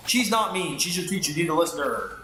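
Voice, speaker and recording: A man's voice: a little high, lively intonation, fast, echoey room, voice pushed up, close to an everyday voice. A man voicing a firm grandmother who scolds a child for disliking a teacher. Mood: scolding.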